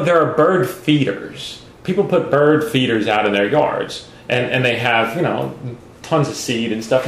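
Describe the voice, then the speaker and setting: A man hosting a casual podcast, rambling through a story with many fillers and restarts. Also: mid-range voice. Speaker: podcast host. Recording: roomy echo, faint noise.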